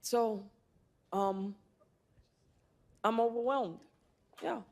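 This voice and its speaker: A woman in her fifties answering reporters' questions in a press room, earnest and reflective, pausing often to think. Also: a little high, darkish tone. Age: 50s. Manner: reflective, earnest, with thoughtful pauses and fillers. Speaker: award-winning actress answering press.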